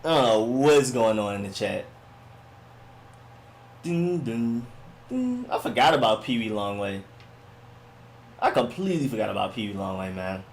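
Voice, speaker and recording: This man has a fairly low, gravelly voice with lively intonation and a fairly quick pace, and there's slight noise in the background. Hosting a casual sports stream, he reads and answers viewer comments in a laid-back, rambling, slangy way, frequently saying "you know what I'm saying".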